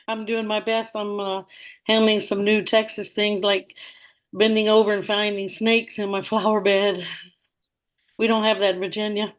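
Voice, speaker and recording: A woman's voice: mid-range voice, level tone, normal speed. A chatty, effusive middle-aged woman speaking on a video call with a group. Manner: chatty, effusive, laughs often. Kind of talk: casual chat.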